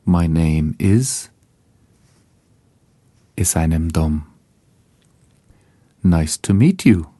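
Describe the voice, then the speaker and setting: An Irish man narrates a language lesson in a low, unhurried voice, giving each phrase slowly so learners can repeat it. His tone is warm and relaxed, and the recording is close and dry with no room sound. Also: no room sound. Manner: slow, careful enunciation for repetition. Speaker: language teacher.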